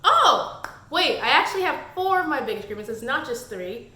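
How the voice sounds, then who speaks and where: A woman's voice: sits high, very animated, moderate pace, sharp tone. A woman reviewing a book on her channel, exasperated and sarcastic in her critique. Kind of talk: casual book review vlog. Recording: echoey room.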